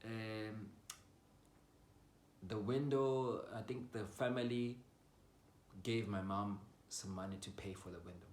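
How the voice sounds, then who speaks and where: A young man telling a personal story in a casual way. He swings from loud outbursts to low mutters and swears freely. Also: a little hiss or hum. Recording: roomy echo.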